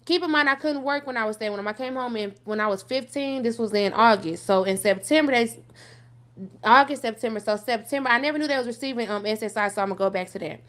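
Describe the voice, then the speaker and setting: A young woman, telling her own life story on a talk show, blunt and profane, often repeating "so fast forward". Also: fairly high pitch, fairly bright tone. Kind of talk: candid personal storytelling on a call-in show.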